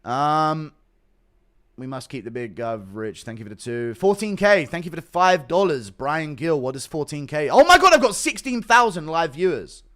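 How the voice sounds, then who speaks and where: A man's voice: fairly high pitch, animated, normal speed, fairly bright tone. A man live-streaming casual chat. He swears freely and reads viewer donations aloud. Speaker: livestreamer reading chat.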